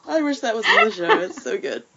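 A woman co-hosting a podcast in a relaxed, chatty way, laughing often. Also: sits high, very noisy. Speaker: podcast co-host. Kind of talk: casual chat. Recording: slightly muffled lo-fi audio.

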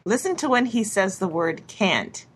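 A woman's voice: medium pitch, lively intonation, measured pace, breathy edge. A woman with an English accent reading a listener email aloud, with small restarts and giggles. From England.

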